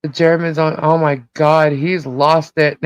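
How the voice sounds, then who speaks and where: A woman hosting a live stream, casually greeting chat viewers by name, her voice a little hoarse and laughing often. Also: deep voice, dry recording, clean studio sound. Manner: chatty, laughs often, reads out viewer names. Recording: dull lo-fi stream audio.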